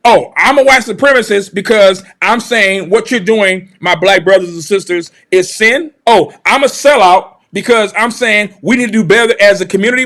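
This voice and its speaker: A man's voice: very high-pitched, sharp tone. A man hosting a livestream, delivering heated, confrontational commentary in a preachy way and repeating phrases for emphasis. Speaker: channel host, commentator.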